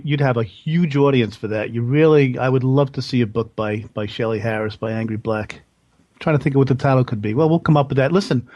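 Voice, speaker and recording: A man hosts a relaxed interview, asking his guest questions in a friendly, encouraging way. His voice sits at an everyday middle pitch. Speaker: podcast host. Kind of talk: casual interview.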